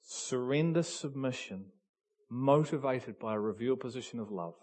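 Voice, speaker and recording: A man preaching a sermon, swinging between hushed lines and loud cries and acting out little dialogues. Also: mid-range voice, animated, moderate pace.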